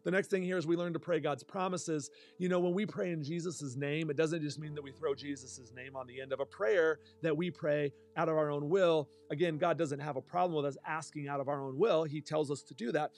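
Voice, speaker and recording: A man's voice: fairly high pitch, fairly even intonation, fairly quick, hardly any pauses, soft background music. A man preaching a sermon as a pastor, earnest, often breaking into spoken prayer, with some restarts and fillers.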